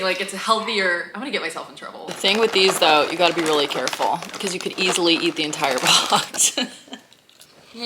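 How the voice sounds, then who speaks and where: A chatty woman vlogger talks casually at home, giggling and correcting herself as she goes. Her voice is bright and forward. The apartment sounds echoey, with faint noise behind her. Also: on the low side. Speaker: lifestyle vlogger. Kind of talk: casual vlog chat.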